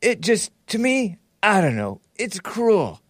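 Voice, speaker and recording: A man putting on a rambling, halting impression of an elderly male politician. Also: high-pitched, wildly swooping pitch, no echo, studio quality, pitched above the performer's own voice, exaggerated voice.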